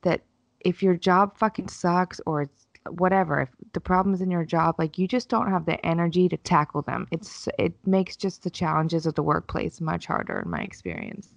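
A woman's voice: fairly low pitch, normal speed, gravelly, no room sound. A mother chatting candidly on a podcast, swearing freely as she reflects on work and parenting. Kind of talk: casual chat. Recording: slightly dull lo-fi sound.

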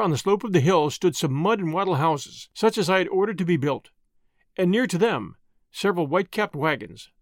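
A man narrates a first-person adventure novel with measured, dramatic phrasing. His voice sits on the high side. The recording is close and dry. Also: dry recording. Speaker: audiobook narrator.

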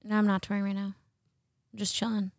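A woman's voice: medium pitch, completely flat delivery, a little fast, vocal fry, dry recording, clean studio sound. A woman comedian in her thirties chatting casually as a podcast guest, trailing off and swearing freely. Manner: laughs a lot, swears, trails off.

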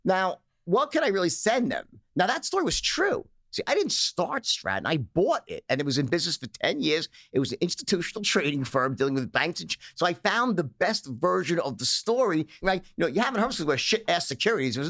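A man as an interview guest, telling stories and acting out phone sales pitches in character. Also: huge pitch swings, quick pace, few pauses, fairly bright tone, dry recording, clean studio sound. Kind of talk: storytelling in a conversational interview.

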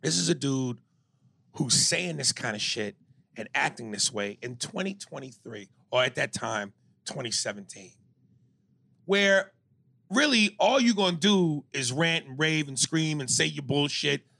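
A man co-hosting a podcast, in casual chat, recounting scenes with animated delivery. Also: a little high, a little slow, gravelly. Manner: animated storyteller who acts out quotes. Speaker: podcast co-host.

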